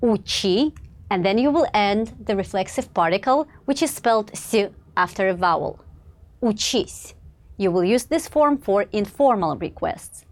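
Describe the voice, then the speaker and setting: A woman with a voice of middling pitch narrates a scripted grammar lesson. She speaks in a measured, clear way, pausing after each example word. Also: animated. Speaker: language teacher.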